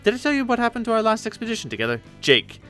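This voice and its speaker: A man's voice: high-pitched, sing-song, racing, fairly bright tone, soft background music, voice pushed up. A man voicing a clueless young male adventurer who rambles in a folksy, self-absorbed way, in a webcomic read aloud with voices. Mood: rambling.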